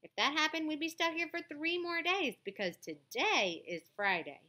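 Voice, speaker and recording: A woman's voice: high-pitched, animated, pushed and bright, pitched above the performer's own voice. A woman voicing a small, anxious, bossy girl doll in a read-aloud storybook. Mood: anxious scolding. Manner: hurried, scolding whisper.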